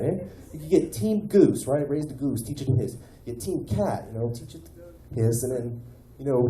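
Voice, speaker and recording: A man performing a rambling stand-up comedy set on a small club stage, telling animated stories and tossing in "man" often. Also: mid-range voice, slight background noise. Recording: echoey club room with faint ambience.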